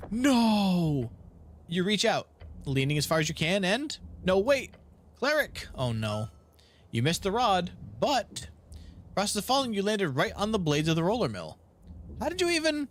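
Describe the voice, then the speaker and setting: A man's voice: sits high, very animated, a little fast, slight background noise. A young man playing a game on video, reading its text aloud and reacting with laughs and groans at failed rolls. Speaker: gaming video creator.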